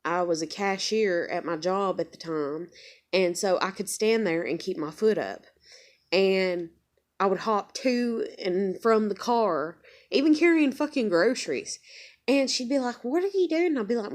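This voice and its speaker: Young woman venting on her vlog, swears a lot, rises in heat as she goes. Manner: blunt, heavy swearing, venting; gets louder and higher when angry. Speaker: vlogger. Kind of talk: casual rant to camera.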